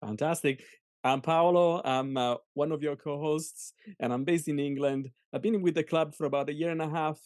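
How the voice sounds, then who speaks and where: A man from Italy, friendly and relaxed, introducing himself as co-host and chat moderator of an online cooking class. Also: fairly high pitch, moderate pace, clean tone, no echo, clean studio sound.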